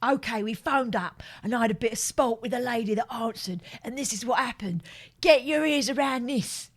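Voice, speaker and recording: A woman's voice: a little high, normal speed. A woman co-hosting a radio show, teasing and telling a story in casual banter. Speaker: radio co-host.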